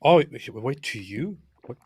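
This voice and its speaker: A man co-hosting a casual livestream chat, talking haltingly with many restarts. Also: medium pitch, lively intonation, a little mellow, slightly rough, no echo, studio quality. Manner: halting, with frequent restarts and fillers. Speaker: co-host.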